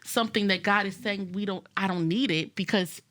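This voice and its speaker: A woman in a casual Bible study group telling a personal story, animated and laughing often. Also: mid-range voice, brisk.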